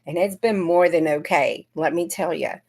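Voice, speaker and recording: A woman's voice: on the low side, normal speed, a little mellow. A middle-aged woman from Georgia, chatting casually on a livestream and greeting viewers by name. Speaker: livestream host.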